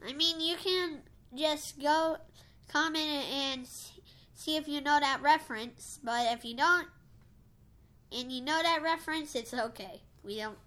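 A woman co-hosting a casual podcast chat, talking haltingly with many restarts. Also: sits high, bright, forceful tone. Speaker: podcast co-host.

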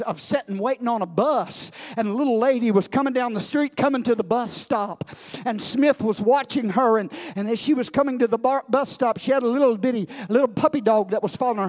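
A high-voiced male preacher delivers a sermon. He drops into hushed storytelling, then climbs to loud, shouted climaxes, repeating phrases for weight.

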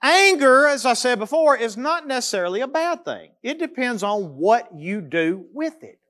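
A man, preaching a sermon as pastor, swinging between loud emphasis and quiet, slow repetition. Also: very high voice, big pitch swings.

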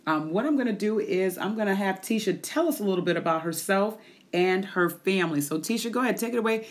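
A woman hosting a Christian podcast, with a lively, preacher-like, sing-song delivery, in her forties. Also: mid-range voice. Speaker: podcast host.

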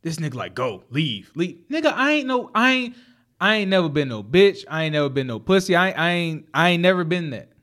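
A young man with a notably high voice tells a story in loose, casual chat. He is animated and profane, drops street slang, stumbles through restarts, and laughs often as he goes. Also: fast talker.

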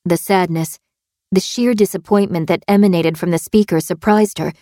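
A woman narrating a suspense audiobook in a steady, tense storytelling manner. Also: lowish voice, normal speed, no room sound, clean studio sound.

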